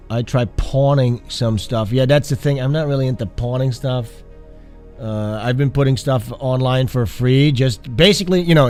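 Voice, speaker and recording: A man's voice: mid-range voice, darkish tone. Stuffed-up, sick male streamer. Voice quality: nasal, stuffed-up. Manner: rambling, profane, self-interrupting. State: sick with flu, coughing. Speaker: art streamer host. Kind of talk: casual livestream chat. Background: faint background music.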